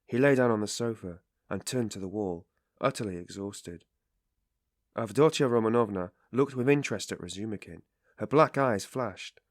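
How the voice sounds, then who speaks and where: A man narrating a classic novel as an audiobook reader, steady and measured. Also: lowish voice, dry recording, clean studio sound. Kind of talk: scripted narration.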